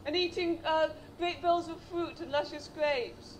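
A woman's voice: sits high, steady tone, measured pace, a little hiss or hum. An actress playing an effusive, pouting woman with an English accent who is very pleased with herself, in a naturalistic film. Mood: gushing.

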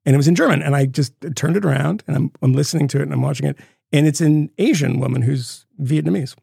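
A man co-hosting a podcast, telling stories in a rambling, profane, animated way. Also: on the high side, fast talker, creaky, husky, no echo, clean studio sound. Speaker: podcast co-host. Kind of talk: casual chat.

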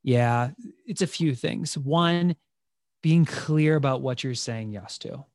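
A man in his thirties, a podcast guest, telling stories in an earnest, animated way. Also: mid-range voice, takes it slowly, no room sound, clean studio sound. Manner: earnest, animated, acts out quotes. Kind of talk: conversational storytelling.

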